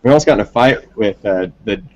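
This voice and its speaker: A man's voice: on the low side, expressive, fast talker, lo-fi sound. A man, a band member being interviewed, telling a long story in casual, rambling talk with frequent laughs.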